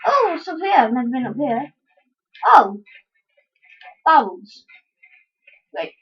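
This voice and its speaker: A high, excitable woman commentating her gameplay, bursting into yelps and giggly outcries as things go wrong. Her voice sits well above the usual, and the recording sounds dull and lo-fi, like a cheap home mic. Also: slow pace. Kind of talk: let's-play commentary.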